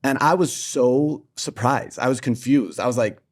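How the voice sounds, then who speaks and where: Young man telling a lively story. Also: mid-range voice, moderate pace. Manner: animated storyteller who acts out the people he quotes. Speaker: podcast co-host. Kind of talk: casual podcast chat, personal storytelling.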